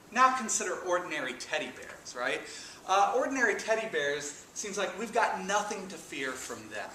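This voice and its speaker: A male lecturer speaks with a bright, forward tone and tells his story with animated emphasis. He is recorded from a distance in a reverberant lecture room, with faint noise in the background. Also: a little high. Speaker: philosophy lecturer. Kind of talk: introductory lecture with personal anecdote. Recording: echoey room, speaker off-mic.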